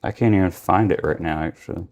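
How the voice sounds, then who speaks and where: A man with a slightly low voice talks through a toy unboxing in a loose, rambling way. He sounds tired, filling gaps with "like" and correcting himself as he goes. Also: quick pace, darkish tone. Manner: rambling, filler-heavy, self-correcting. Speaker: toy reviewer. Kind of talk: casual unboxing vlog.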